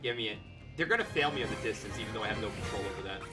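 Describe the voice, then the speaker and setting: A gaming streamer giving rambling let's-play commentary who swears and bursts into excited shouting. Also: mid-range voice, rapid-fire. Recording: game music behind, voice a bit distant from mic. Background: game music.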